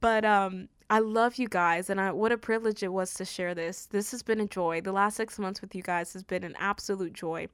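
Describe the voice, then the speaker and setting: A woman's voice: mid-range voice, fairly even intonation, normal speed, few pauses, smooth, no room sound. Earnest woman hosting a faith podcast. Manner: earnest and tender, often says "like"; emotional. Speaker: podcast host. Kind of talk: heartfelt faith podcast monologue.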